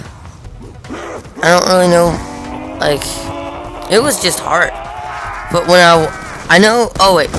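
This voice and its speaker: A young man hosting a gaming channel, talking through a gameplay clip in a rambling, hesitant way with lots of fillers. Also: a little high. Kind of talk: casual gameplay commentary.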